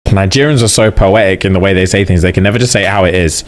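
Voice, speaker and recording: A man's voice: low voice, quick pace. A man delivering a comedic monologue in an exasperated, mock-dramatic manner. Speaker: social media commentator.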